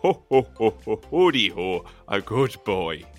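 A man's voice: on the low side, big pitch swings, a little slow, soft background music. A man putting on the voice of a jolly older Irish male broadcaster, with a sing-song sign-off.

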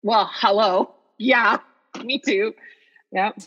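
A woman's voice: medium pitch, slow. Chatty, swearing woman, lo-fi sound. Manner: animated, profane storyteller. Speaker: podcast guest. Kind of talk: casual chat.

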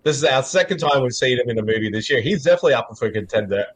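A man's voice: mid-range voice, lively intonation, very fast. A man co-hosting a casual movie podcast, chatty and playful. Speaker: podcast co-host.

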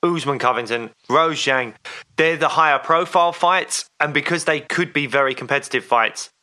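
A podcast co-host, a man with a slightly high, sharp-toned voice at a normal speed, chats casually on a fan show. He talks enthusiastically and keenly about upcoming fights.

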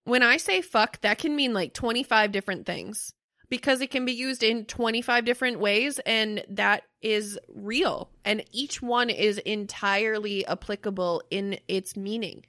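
A woman's voice: medium pitch, normal speed, no echo, clean studio sound. Emphatic, swearing woman podcast co-host. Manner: emphatic, swears freely, laughs loudly. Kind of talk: casual chat.

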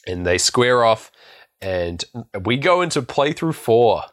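A man's voice: mid-range voice, sing-song, takes it slowly, a bit bright. A man co-hosting a podcast, recapping a film in a rambling, storytelling way and laughing often. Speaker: podcast co-host. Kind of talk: casual film recap chat.

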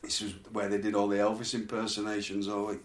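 A man's voice: fairly low pitch, completely flat delivery, quick pace. A man telling a rambling, laughing story in casual chat. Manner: rambling, laughs through his stories. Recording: echoey room, faint background noise.

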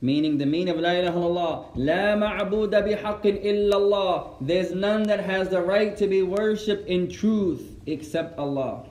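A man teaching a class, dictating and repeating each phrase slowly so students can write it down, translating line by line. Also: sits high, a little mellow, echoey room. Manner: translates line by line, patient and instructive. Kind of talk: classroom lesson, dictating for memorisation.

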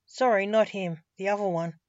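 A woman's voice: medium pitch, fairly even intonation, moderate pace, a little mellow, no room sound, highs cut off, close to an everyday voice. Mortimer the grim reaper read by a woman.

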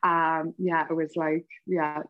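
An Irish woman, a TV cook and guest, chatting casually and acting out her stories with lively, jumping voices. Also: slow pace, no echo. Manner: animated, acts out quoted dialogue with big pitch jumps. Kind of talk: casual storytelling chat. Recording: slightly dull, lo-fi podcast audio.

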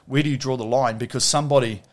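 A man's voice: medium pitch, fast. Blunt, foul-mouthed New man. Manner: blunt, swears freely, animated storytelling. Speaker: interview guest, former Olympic rower. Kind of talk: casual interview chat.

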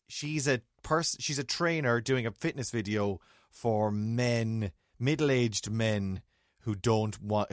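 A man's voice: on the low side, dry recording. Man, radio host, casual chat, rambling, dry close mic. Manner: joking, chatty, rambling with restarts.

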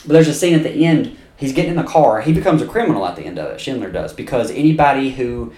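A man co-hosting a casual movie podcast, telling stories in an animated way, acting out quotes and swearing often. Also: mid-range voice, quick pace. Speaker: podcast co-host. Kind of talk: casual chat. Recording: roomy echo.

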